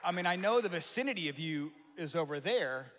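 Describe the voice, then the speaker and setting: A male pastor preaching a sermon, swinging between loud emphatic lines and soft hushed asides. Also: a little high, animated, a little fast, crowd noise, background noise. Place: large church hall. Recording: long hall reverb.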